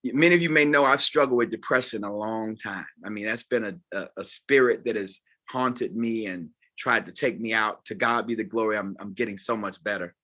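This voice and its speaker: A man in his fifties, a pastor, preaching a closing sermon to volunteers and sweeping from loud highs to quiet lows. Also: fairly quick, few pauses. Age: 50s. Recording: live talk before a group.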